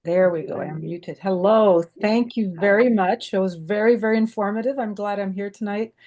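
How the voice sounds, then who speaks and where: A woman's voice: medium pitch, normal speed, darkish tone. An American woman asking a long, rambling question on a video call, enthusiastic and full of fillers. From United States. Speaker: audience member asking a question. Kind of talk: online Q&A question.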